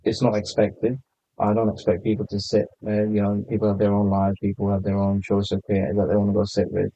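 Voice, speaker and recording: Laid-back male podcast guest, low mellow voice, slightly dull dry recording. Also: completely flat delivery, brisk, dry recording. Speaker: podcast guest, content creator. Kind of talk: casual podcast chat. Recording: slightly muffled lo-fi sound.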